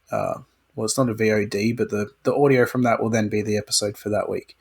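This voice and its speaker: Male podcast co-host, husky voice, relaxed casual chat, runs segments and announcements. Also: medium pitch.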